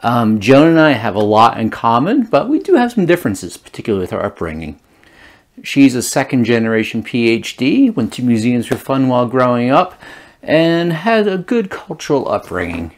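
Animated man telling a trail story. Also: mid-range voice, normal speed. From Rhode Island. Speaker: vlogger. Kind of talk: storytelling vlog.

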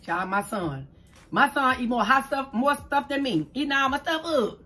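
A middle-aged woman from New Orleans with a Southern accent, chatting fast and stumbling over her words as she tells a story while eating on camera at home. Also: high-pitched, lively intonation, pushed and bright, faint music behind. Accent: Southern US, New Orleans tinge. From New Orleans, Louisiana. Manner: talks fast, stumbles over words, calls listeners "child". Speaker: mukbang vlogger host. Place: indoors at home, green screen.

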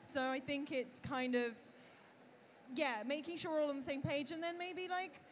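A woman's voice: high-pitched, fairly even intonation, normal speed, a little hiss or hum. A woman panelist at a live convention panel, talking casually and chattily, full of "like". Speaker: panelist, actor and player. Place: on stage at a comic convention panel.

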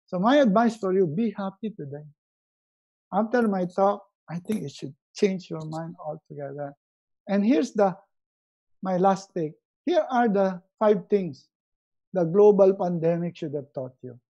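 A middle-aged man giving a motivational webinar talk, acting out quotes in a raised, animated voice. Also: high-pitched, a little slow, muffled recording. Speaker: motivational speaker.

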